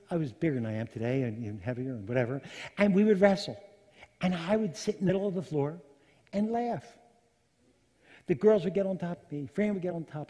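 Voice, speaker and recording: A middle-aged man preaching a sermon, telling Bible stories with animated voices for the characters. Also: high voice, breathy edge. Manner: animated storytelling, acting out biblical characters. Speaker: pastor. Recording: long hall reverb.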